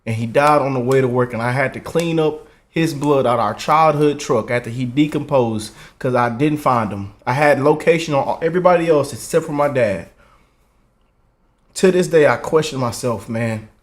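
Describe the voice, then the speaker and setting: A man's voice: medium pitch, normal speed, few pauses. A man hosting a reaction channel, speaking in a heartfelt, emotional way and often adding "man" and "y'all". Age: 20s.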